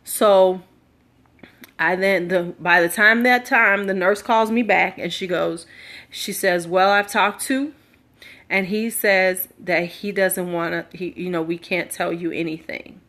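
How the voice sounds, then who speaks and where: Woman, middle-aged, lowish voice, candid, emphatic, personal story told live. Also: steady tone, measured pace, a bit bright. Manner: candid, emphatic retelling with quoted dialogue. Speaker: livestream storyteller.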